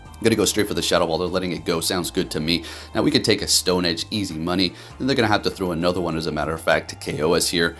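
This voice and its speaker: A man with a low, deep voice talks through a match as it happens. His commentary is animated and peppered with swearing and rants, with soft music playing underneath. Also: racing. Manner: animated, profane ranting. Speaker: game commentator. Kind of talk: gameplay commentary.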